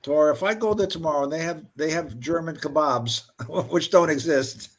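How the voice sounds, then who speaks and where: A man co-hosting a casual chat, wisecracking and ribbing his friends. His voice sits somewhat above the usual pitch. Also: moderate pace.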